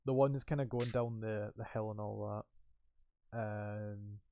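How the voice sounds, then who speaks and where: A man's voice: fairly low pitch, steady tone, measured pace, mellow, no echo, dull audio. Brief: young male game master narrating in a loose, rambling way on a dry home mic. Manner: rambling, loose, full of fillers.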